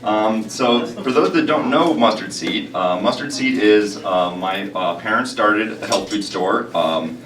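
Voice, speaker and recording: A man with a fairly low voice gives an earnest guest talk, full of "uh"s and small restarts. He sounds distant, caught by a faraway mic in a roomy hall with a crowd behind him. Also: unhurried, hardly any pauses. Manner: earnest, many "uh" fillers. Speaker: guest speaker, health food store owner. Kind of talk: presentation to a live audience.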